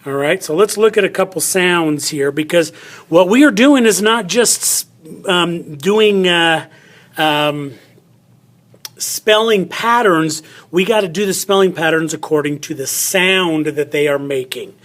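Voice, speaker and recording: A man's voice: on the high side, measured pace, fairly bright tone. A middle-aged male teacher giving a chatty phonics lesson, thinking aloud as he cuts paper and writes. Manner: chatty, thinks aloud while cutting and writing.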